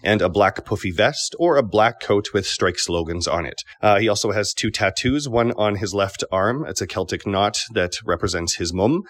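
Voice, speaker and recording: A man in his mid-thirties, a stage actor giving a relaxed, conversational scripted self-description. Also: on the low side, moderate pace, hardly any pauses. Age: 30s.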